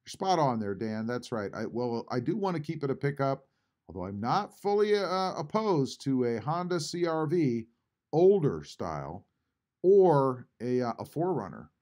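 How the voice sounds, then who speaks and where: A man hosting a casual live stream from home, reading chat messages aloud and answering them with frequent pauses. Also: mid-range voice, big pitch swings, darkish tone. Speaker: YouTube channel host reading live chat. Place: home, at a computer.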